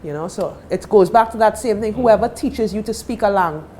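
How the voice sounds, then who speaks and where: A woman's voice: medium pitch, normal speed, warm tone, a little hiss or hum. A Trinidadian woman telling stories as a guest in casual chat in a TV studio. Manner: chatty, storytelling.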